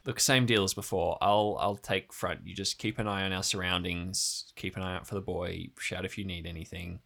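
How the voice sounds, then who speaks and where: A man voicing a soft-spoken, courteous investigator who hesitates with fillers, in an improvised role-play. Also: deep voice, fairly even intonation, normal speed, gravelly, full character voice. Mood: quiet. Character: soft-spoken, polite young male investigator.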